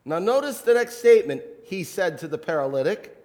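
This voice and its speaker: A man's voice: high voice, animated, a little fast, darkish tone, big-room sound. A man, a pastor, preaching a sermon in a conversational way, with rhetorical questions and light humor.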